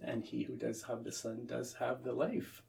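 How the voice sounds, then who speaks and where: Gravelly-voiced priest telling a story. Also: male voice, mid-range voice, flat delivery, normal speed, a little mellow, distant mic. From Canada. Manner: repeats words and restarts often, acts out quoted voices. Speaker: Anglican priest, interview guest. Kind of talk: storytelling in a conversational interview.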